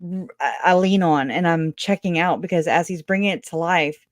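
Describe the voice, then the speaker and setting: A woman's voice: fairly low pitch, moderate pace, no echo, clean studio sound. A woman hosting a call-in show, chatting casually, rambling and laughing often, trailing off mid-thought. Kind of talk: casual chat. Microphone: video call.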